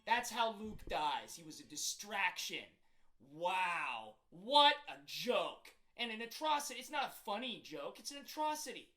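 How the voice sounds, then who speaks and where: Speaking a little slowly in a full character voice, the video creator plays an exaggerated, angry, hot-tempered young version of himself. His high-pitched delivery is very animated and sharp, packed with exasperated rhetorical questions for comic effect. Faint music sits behind the rough recording.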